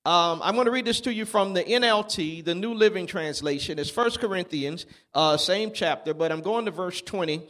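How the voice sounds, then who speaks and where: High-voiced preacher in call-and-response. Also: male voice, moderate pace, hardly any pauses, a bit bright. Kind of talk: sermon.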